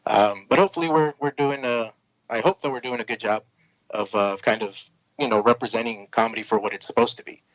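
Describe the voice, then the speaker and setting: A man's voice: medium pitch, quick pace, fairly bright tone, no room sound, low-quality recording. A man, a comic book creator, chatting casually as a podcast guest, rambling with lots of fillers and restarts.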